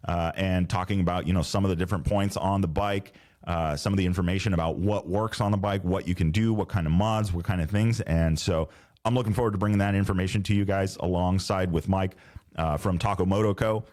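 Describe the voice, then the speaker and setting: Low-voiced rambling man hosting a podcast. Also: steady tone, brisk, darkish tone. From Southern California. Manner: rambling, self-correcting, laid-back slang. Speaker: podcast host. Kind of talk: casual solo podcast chat. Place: home podcast studio.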